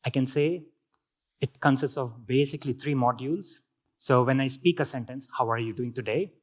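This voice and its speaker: A man with an Indian accent presents at a conference, walking the audience through technical ideas. His voice sits at an ordinary middle pitch. He pauses with fillers and restarts his phrases as he explains. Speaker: conference speaker.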